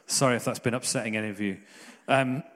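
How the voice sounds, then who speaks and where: A man preaching in an earnest, conversational way, with jokey asides. His voice sits at an ordinary middle pitch. It rings with the long reverb of a church hall. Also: steady tone, fast talker, a bit bright. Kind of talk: sermon.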